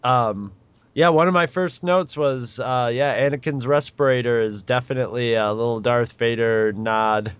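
Rambling man, smooth dry voice. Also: medium pitch, no room sound, lo-fi sound. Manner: rambling, halting, with many restarts. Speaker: podcast co-host. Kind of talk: casual chat.

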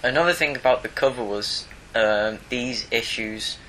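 A man's voice: medium pitch, normal speed, pushed and bright, slight background noise, poor audio. A man chatting in a laid-back way as a podcast co-host talking about comics. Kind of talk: casual comics discussion.

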